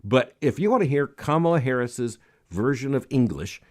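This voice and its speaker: A man's voice: mid-range voice, lively intonation, moderate pace, a little mellow. A man hosting a daily news analysis show, giving emphatic, wry commentary with small hesitations and reading quotations aloud.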